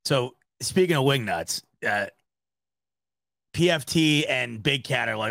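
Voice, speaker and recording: Rambling, animated male podcast host. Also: mid-range voice, unhurried, creaky, long pauses, no echo. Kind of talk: casual sports podcast chat.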